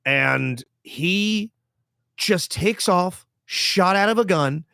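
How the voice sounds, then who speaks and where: A middle-aged man co-hosting a comedy podcast, telling stories in a casual, animated way and acting out the people in them. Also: sits high, extremely slow, vocal fry, smooth, dry recording, studio quality. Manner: animated, acts out voices and shouts in his stories. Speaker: podcast co-host.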